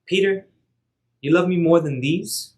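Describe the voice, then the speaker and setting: A man voicing Jesus as a gentle, calm grown man who talks in casual, modern words. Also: fairly high pitch, unhurried, pitched above the performer's own voice, close to an everyday voice. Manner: casual, modern everyday wording.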